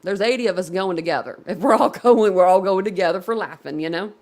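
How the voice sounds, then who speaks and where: A woman's voice: mid-range voice, fast talker, a little mellow. A woman hosting a casual live reaction stream, giggling constantly and laughing to tears. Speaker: livestream host. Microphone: computer at desk.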